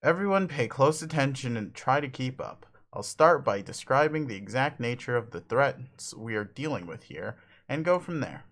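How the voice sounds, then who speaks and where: A cranky young troll who curses and bosses everyone around, as a man reads him aloud. He is brusque and impatient, in an ordinary mid-pitched voice. This is a comic read aloud with voices. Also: expressive, moderate pace, a bit bright, natural voice. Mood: bossy. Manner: brusque, cursing, bossy. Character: angry shouty troll boy leader.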